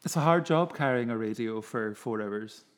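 A man's voice: mid-range voice, moderate pace. Wry, self-mocking man in his twenties. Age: 20s. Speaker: podcast co-host. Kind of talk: casual chat.

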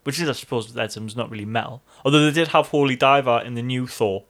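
A man co-hosting a podcast in casual chat, animated, swearing freely and acting out excited reactions. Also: medium pitch, quick pace. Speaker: podcast co-host.

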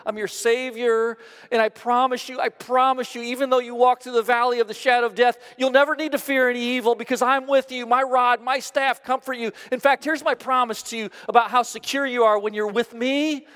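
A man's voice: extremely high pitch, steady tone, a little fast, a bit bright, clear, resonant tone, in a large hall, voice pushed up. A man voicing a compassionate male savior and shepherd, speaking with fervent, emphatic promises. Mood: fervent reassuring.

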